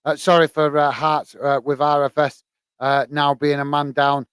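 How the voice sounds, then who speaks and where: A man's voice: fairly high pitch, level tone, moderate pace, fairly bright tone, clear, resonant tone, no echo. Tired man on a match watch-along. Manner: rambling, many fillers. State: tired, yawning.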